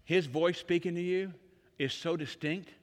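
A man in his sixties preaching an Easter sermon, telling stories and swinging between loud emphatic lines and hushed ones, in a large church. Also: on the high side, unhurried. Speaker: pastor. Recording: long hall reverb.

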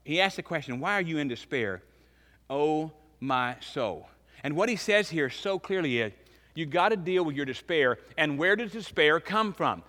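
Bright-voiced preacher in an echoing hall. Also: male voice, fairly high pitch. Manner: emphatic preaching, swings between loud and hushed. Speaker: pastor. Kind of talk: sermon. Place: church sanctuary. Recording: long reverb of a large church hall.

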